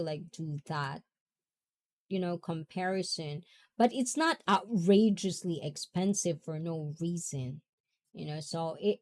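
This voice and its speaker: A woman's voice: fairly low pitch, darkish tone. A woman hosting a casual livestream, chatting with viewers, reading their comments aloud and often giggling. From half Japanese, half Filipina. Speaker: livestream host.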